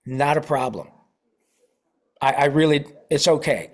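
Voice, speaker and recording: Middle-aged man, voice-actor guest, animated raconteur with a lightly raised pitch. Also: unhurried. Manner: animated, acts out quoted voices. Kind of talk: casual interview storytelling.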